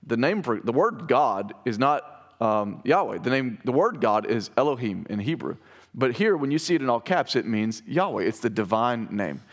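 A man preaching a sermon in an earnest, explanatory way, slowing down to give scripture readings weight. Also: mid-range voice, sing-song. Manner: earnest, explanatory, reads scripture slowly with emphasis. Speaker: pastor. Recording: long reverb of a hall.

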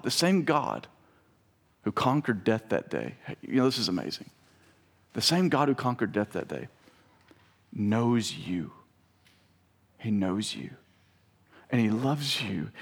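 A young pastor preaching in a lively, storytelling way. His voice jumps high and loud when he acts out a scene. Then it sinks to a hushed, close tone for the tender points. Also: slightly rough. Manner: animated storyteller, drops to soft intimate tone. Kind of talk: sermon with personal storytelling.

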